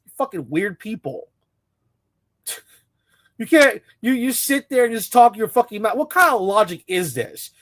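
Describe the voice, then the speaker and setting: Man, high voice, angry profane rant, dry close recording. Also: sing-song, measured pace, long pauses, fairly bright tone, no room sound. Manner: profane, ranting, scornful. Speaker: commentator reacting to a clip. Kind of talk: angry reaction commentary.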